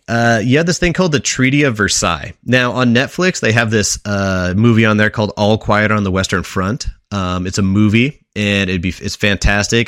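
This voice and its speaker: A man's voice: on the low side, fairly bright tone, no echo, clean studio sound. A man on a podcast, presenting a history segment in casual chat, telling it like a story and quizzing his co-hosts along the way.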